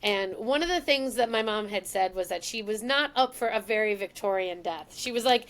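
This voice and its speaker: A woman's voice: fairly high pitch, moderate pace, hardly any pauses. A woman as a podcast guest, telling an emotional personal story and acting out the lines of the people in it. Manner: emotional, animated, acts out quoted lines.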